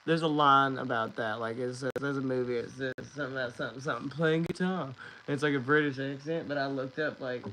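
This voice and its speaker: A man's voice: medium pitch, steady tone, fast, pushed and bright, slight background noise. A man hosting a livestream, chatting casually, swearing and laughing between rambling remarks. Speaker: livestream host.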